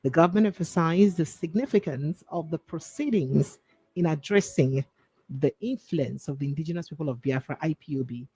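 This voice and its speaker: A woman's voice: sits low, brisk, dark tone, slightly rough, no echo, poor audio. A woman hosting a political talk show, reading news items and then commenting on them aloud. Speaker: host.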